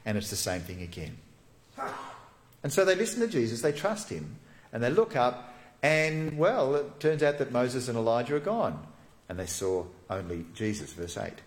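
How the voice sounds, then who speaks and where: A man preaching a sermon as a pastor, telling the story vividly and dropping to soft, hushed tones. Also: mid-range voice, very animated, normal speed, echoey room.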